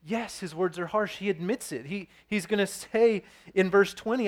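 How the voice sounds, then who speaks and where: A man's voice: high-pitched, normal speed, few pauses. A man in his thirties preaching a sermon as pastor, earnest and storytelling, with frequent restarts.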